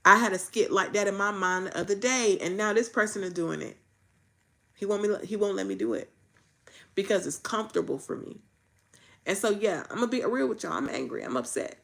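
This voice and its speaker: A woman's voice: mid-range voice, brisk, vocal fry, a bit bright. A woman, talking rawly and emphatically, repeating phrases like a preacher. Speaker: faith vlogger. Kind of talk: candid faith vlog.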